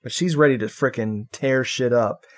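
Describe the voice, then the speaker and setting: Excitable man recapping a movie. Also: medium pitch, normal speed. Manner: excitable, swears casually, laughs a lot. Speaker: podcast co-host. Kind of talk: casual movie recap chat.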